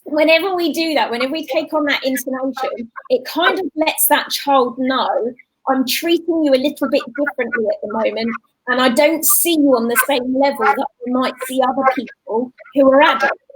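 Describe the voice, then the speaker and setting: High-voiced woman giving parenting advice. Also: normal speed, breathy edge, poor audio. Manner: warm practical advice, mimics sing-song voices. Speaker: guest, children's coach. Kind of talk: casual explanatory interview talk.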